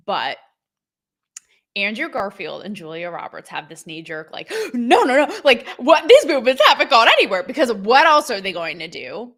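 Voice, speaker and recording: A woman hosting her own show, talking in a chatty, animated commentary style with laughs and quick asides. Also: mid-range voice. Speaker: show host. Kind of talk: casual commentary.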